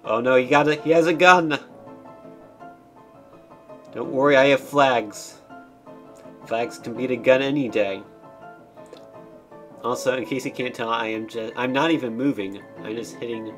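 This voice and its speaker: A man streaming a game, giving casual commentary with wry, deadpan asides as he reads the game's text aloud. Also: mid-range voice.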